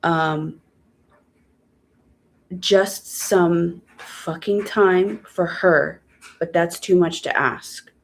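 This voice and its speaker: Woman, casual storytime vlog; slow, halting delivery full of fillers and pauses, blunt and upset. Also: on the low side, fairly even intonation, slight background noise. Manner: many fillers and trailing pauses. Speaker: mother telling her story.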